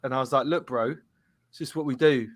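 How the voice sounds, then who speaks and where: A man's voice: mid-range voice, fairly quick, dry recording. A man hosting a casual live-streamed football show, chatty, reading out viewers' comments and laughing often. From England. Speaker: host.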